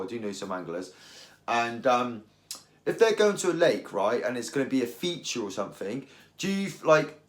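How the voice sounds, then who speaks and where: Man, casual slangy rant, rambling, mid-pitched voice, echoey room. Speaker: angling vlogger. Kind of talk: casual ranting chat.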